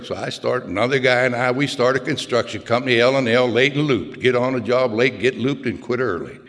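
A man's voice: medium pitch, brisk, hardly any pauses, fairly bright tone. An older man telling his own story in a folksy, plain-spoken way with self-mocking humor. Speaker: speaker sharing his story. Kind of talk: personal storytelling talk. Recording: long hall reverb.

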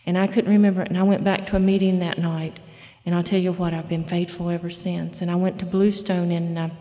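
A middle-aged woman telling her recovery story at a meeting, folksy and halting, full of fillers and restarts. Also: on the low side, level tone, dark tone, in a large hall, lo-fi sound. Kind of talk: personal testimony talk.

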